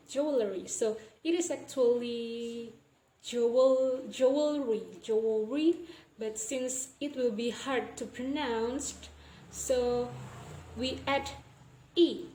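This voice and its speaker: A young woman walks through a linguistics lesson at a slow, careful pace, pausing and correcting herself as she goes. Her voice sits a bit high and mellow. The recording is roomy and echoey, with faint background noise. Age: young adult. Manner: slow, hesitant, self-correcting. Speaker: student presenter.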